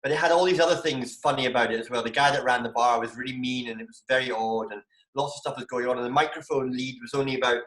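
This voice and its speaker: A Scottish man chatting animatedly as a comedian guest on a video call, breaking into high exclamations. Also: fast talker, hardly any pauses, fairly bright tone, roomy sound. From Scotland. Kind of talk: casual video call chat.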